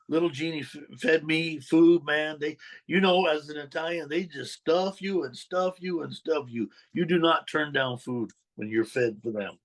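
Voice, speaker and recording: A man as an interview guest, telling his past as a story and acting out the dialogue. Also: on the high side. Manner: animated, acts out quoted dialogue. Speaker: interview guest, former mob associate.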